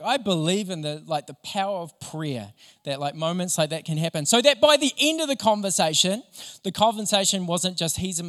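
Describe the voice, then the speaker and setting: A young adult man preaching a sermon, telling stories in an animated, enthusiastic way. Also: on the high side. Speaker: pastor. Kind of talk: sermon with storytelling. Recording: long hall reverb.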